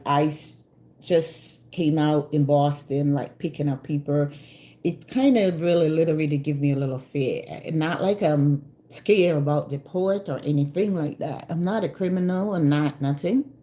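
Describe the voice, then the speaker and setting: Mellow-voiced Jamaican woman talking earnestly. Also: deep voice. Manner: earnest, repeats herself, asks "you know what I mean?". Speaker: vlogger. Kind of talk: casual direct-to-camera talk.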